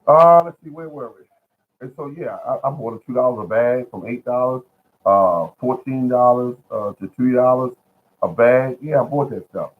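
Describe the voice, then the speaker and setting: A man with a medium-pitched voice talks at a moderate pace from indoors at home, rambling to his viewers about gardening bargains. He's chatty, repeats himself, and keeps calling them "folks," all on phone-like lo-fi audio.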